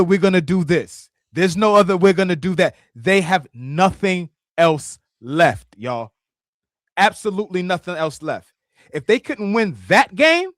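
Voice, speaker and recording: Measured excited man breaking down a game. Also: a little high, no room sound, studio quality. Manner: excited but measured, analytical. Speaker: sports show co-host. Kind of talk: post-game analysis chat.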